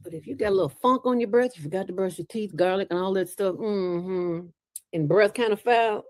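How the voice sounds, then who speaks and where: A woman as an interview guest, talking in a playful, preachy way with sudden jumps in pitch. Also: fairly quick, a little mellow, dry recording. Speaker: interview guest, nonprofit founder. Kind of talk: casual interview talk.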